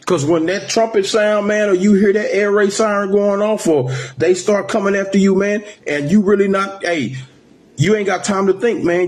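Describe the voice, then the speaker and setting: A man's voice: high-pitched, a little mellow. Emphatic preacher ending lines with "man". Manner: emphatic, ends phrases with "man" and "right?"; slows to a drawl when reading scripture. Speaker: street preacher. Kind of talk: sermon with scripture reading.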